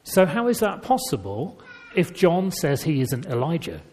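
A man's voice: on the high side, moderate pace. A man preaching a sermon in a conversational, storytelling way. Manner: conversational storytelling with lively emphasis. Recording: reverberant church hall.

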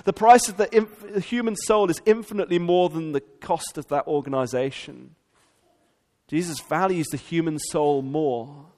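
A man preaching a sermon, animated and asking the congregation rhetorical questions. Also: fairly high pitch, moderate pace, long reverb tail. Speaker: pastor.

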